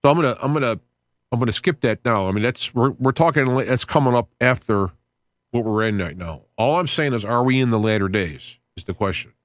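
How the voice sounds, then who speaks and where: A man of ordinary pitch hosts a podcast in an earnest, rambling manner, circling back and restarting his phrases as he muses on scripture. His voice jumps upward when he gets excited. The recording is dry and close, with almost no room sound. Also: fairly quick, dry recording. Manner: rambling, restarts phrases, reads Bible passages aloud. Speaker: podcast host. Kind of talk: casual talk on scripture.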